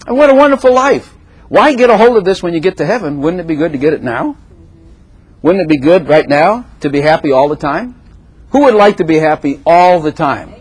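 Husky older preacher, animated exhortation. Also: male voice, a little high. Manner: animated, exhorting, often acting out quoted prayers. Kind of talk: sermon.

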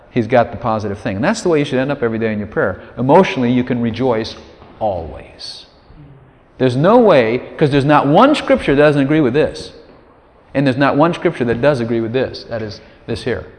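A man preaching in a relaxed, conversational way, full of casual asides to the people listening. His voice sits at an ordinary pitch, and a long reverb trails behind every phrase. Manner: conversational, folksy, many "you know" asides; acts out quoted prayers in a raised voice. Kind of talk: informal sermon teaching.

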